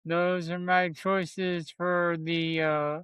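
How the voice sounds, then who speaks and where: A man's voice: high-pitched, level tone, drawn-out words, a bit bright, clean tone, dry recording. A man co-hosting a casual podcast, chatty and joking while he runs the segment. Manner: chatty, jokey, runs the show. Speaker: podcast co-host. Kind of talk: casual chat about wrestling predictions.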